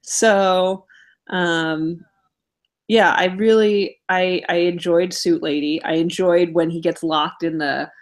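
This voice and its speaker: A woman's voice: fairly low pitch, steady tone, slow. Chatty, teasing woman podcast co-host. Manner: chatty, swears freely, teasing. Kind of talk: casual movie chat.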